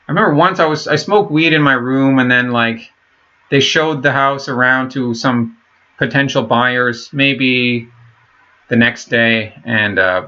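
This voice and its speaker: A man vlogging a rambling personal monologue, halting and profane, with many restarts. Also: medium pitch, pushed and bright, lo-fi sound.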